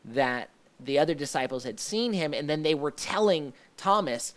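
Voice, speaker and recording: A man hosts a casual live faith discussion in a fairly high, animated voice at normal speed, barely pausing. Fillers and restarts crowd his speech as he enthusiastically recalls scenes.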